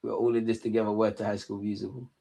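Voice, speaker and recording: A man's voice: on the low side, level tone, fast, vocal fry, warm tone. A young man hosting a live football watch-along, bantering with his chat in slang, swearing and laughing often.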